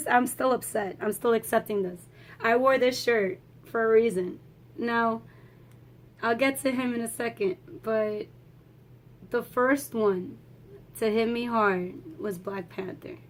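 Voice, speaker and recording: A woman's voice: a little high, takes it slowly. A woman giving a casual, emotional movie review vlog, swearing freely and laughing as she talks.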